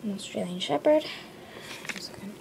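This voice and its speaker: A woman showing her drawings in a casual show-and-tell, hesitant, with lots of ums and quick self-corrections. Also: mid-range voice, lively intonation, gravelly, noisy background.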